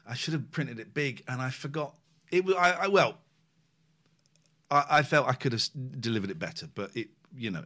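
A man chatting on a podcast, his pitch swinging up and down as he tells a story. He talks with lively, emotional energy, rising high when excited and dropping low and quiet in tender moments. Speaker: podcast co-host. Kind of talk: casual chat.

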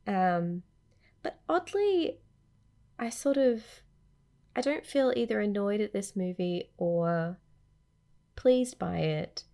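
A woman's voice: mid-range voice, expressive, slow pace, creaky, long pauses, warm tone. A woman co-hosting a casual podcast, sleepy and just awake, talking in a dry, offhand way. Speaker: podcast co-host. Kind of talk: casual chat.

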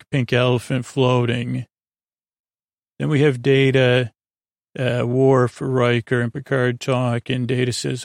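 A man hosting a podcast, loosely retelling an episode as a soft bedtime story, full of filler words. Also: medium pitch, creaky, no room sound, studio quality. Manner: loose, drowsy, full of "uh" and "he goes".

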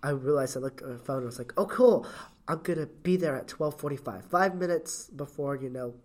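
A young woman co-hosting a podcast, chatting in a relaxed way and saying 'like' a lot. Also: extremely low pitch, fairly quick. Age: young adult. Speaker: podcast co-host. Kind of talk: casual chat.

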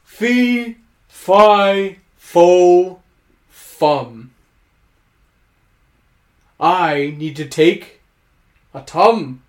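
A silly, rhyme-happy giant, played by a man in a comedy sketch. His voice is notably high for a giant, and he drawls each line slowly and deliberately. The delivery stays goofy from start to finish. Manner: slow, goofy rhyming delivery. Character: silly rhyming male giant.

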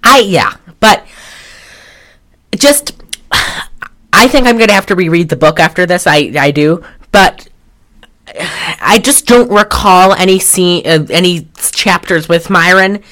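A woman's voice: on the low side, expressive, measured pace, long pauses, a bit bright. Rambling woman chatting about a movie. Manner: rambling, profane, many restarts. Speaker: podcast co-host. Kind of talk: casual film discussion.

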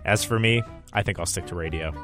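A male radio host reads a scripted segment narration. His voice sits on the low side, and his humor is wry and self-deprecating. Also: a little fast, fairly bright tone, faint music behind.

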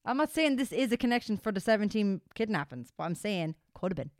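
A young Irish woman co-hosting a podcast in casual chat, animated and swearing freely. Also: medium pitch, quick pace, dry recording, studio quality. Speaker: podcast co-host.

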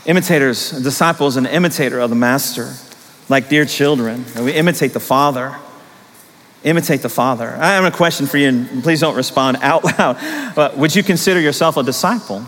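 A middle-aged male pastor preaching a sermon, telling stories with animated, emphatic rises in his voice. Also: a little high, a little fast. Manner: animated storytelling with rising emphatic peaks. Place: church sanctuary. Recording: long hall reverb.

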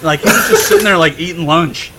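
A young man on a podcast telling a story in a casual, animated way, swearing freely and laughing as he goes. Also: fairly high pitch, quick pace, very noisy. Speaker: podcast guest.

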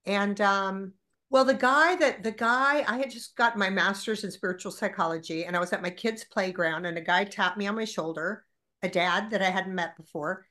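A woman in her forties appears as a podcast guest, telling stories candidly and animatedly with lots of swearing. Her voice is mid-range and her pace moderate.

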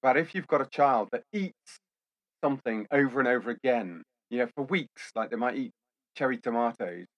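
A man's voice: medium pitch, lively intonation, normal speed, a bit bright, lo-fi sound. A man in casual podcast conversation, co-hosting as a vet. He explains ideas at length in a thoughtful, reflective manner, his voice in a middle register. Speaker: veterinarian podcast co-host. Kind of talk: casual chat.

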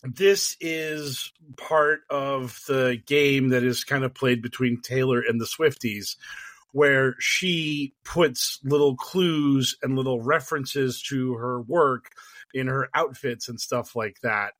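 A man co-hosting a podcast, explaining a topic in a measured, casual way. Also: mid-range voice, steady tone, fairly bright tone, no echo. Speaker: podcast co-host.

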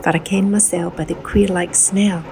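A woman's voice: on the low side, fairly even intonation, normal speed, background noise. A woman reciting a dialect poem in a sing-song, heightened way. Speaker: guest reader. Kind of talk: poetry recitation.

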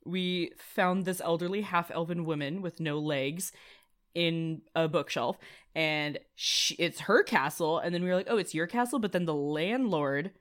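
A woman player recapping a tabletop game in casual chat, rambling and swearing freely. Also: deep voice. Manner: swearing, rambling, quick asides.

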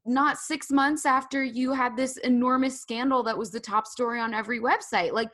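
A woman co-hosting a podcast in casual chat, wry and gossipy with quick asides. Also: a little high, fairly even intonation, fairly bright tone. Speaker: podcast co-host.

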